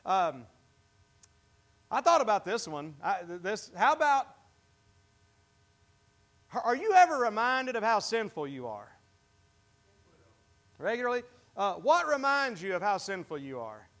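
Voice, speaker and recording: A man's voice: sits high, sing-song, a bit bright. A pastor giving a sermon in church, talking conversationally, often restarting his sentences and asking the congregation questions. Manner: halting, with many restarts. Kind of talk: interactive sermon.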